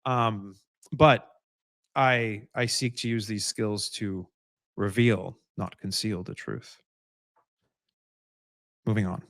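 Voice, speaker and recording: A man's voice: on the low side, takes it slowly, long pauses, fairly bright tone, dry recording, studio quality. A man hosting a live political commentary stream, talking in a rambling way with many restarts and emphatic repeated phrases. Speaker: host.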